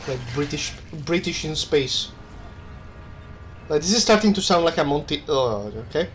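A young man co-hosting a let's play, talking casually with lots of swearing and quick laughs. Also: on the high side, slight background noise. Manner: swearing, animated, laughs often. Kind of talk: casual gaming chat.

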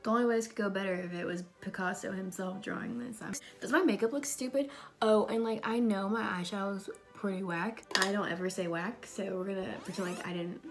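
A woman makeup vlogger talks casually as she sketches, wandering into rambling, self-deprecating asides. Her pitch sits in an ordinary middle range. Music plays clearly in the background. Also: fairly even intonation, fairly quick. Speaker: makeup YouTuber. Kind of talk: casual vlog chat while drawing.

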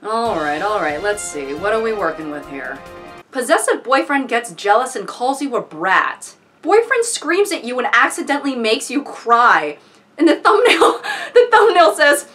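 A woman hosting comedic commentary, animated and mock-outraged. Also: a little high, normal speed, soft background music. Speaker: video host.

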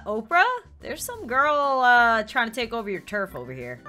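A young woman giving excitable Let's Play commentary, shrieking when surprised. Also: fairly high pitch, normal speed, hardly any pauses, soft background music. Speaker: gaming YouTuber.

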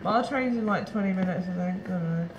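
A woman's voice: lowish voice, quick pace, roomy sound, muffled recording. A young woman chatting casually with a friend on a vlog, making dry, matter-of-fact remarks, picked up by a friend's handheld camera. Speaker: friend on tour. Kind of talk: casual chat. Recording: noticeable background noise.

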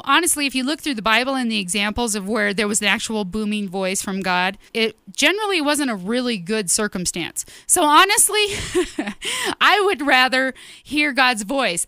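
A woman's voice: on the high side, bright, forceful tone, clear, resonant tone, no echo. A woman giving an earnest personal testimony sermon as host of her ministry show, speaking emphatically and directly to her listeners.

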